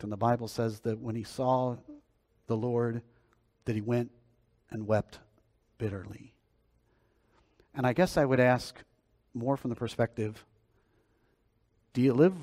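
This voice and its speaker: A pastor preaching a sermon and praying, earnest, shifting between swelling phrases and quiet ones. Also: male voice, medium pitch. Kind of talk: sermon and prayer.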